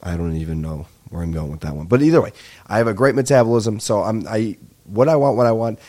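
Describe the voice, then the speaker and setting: A young man rants through a comedy podcast monologue, rambling, excitable and freely profane. His voice sits on the low side and has a mellow, relaxed tone. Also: fast. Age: 20s. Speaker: podcast host.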